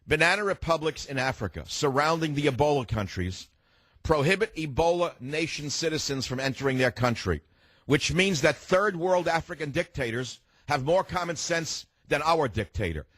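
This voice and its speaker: A combative man hosts talk radio, hammering his points home with emphatic force. His voice sits at an ordinary pitch, and the studio sound is dry and close with no room echo. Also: expressive, normal speed, a bit bright. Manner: combative and emphatic, cuts off callers.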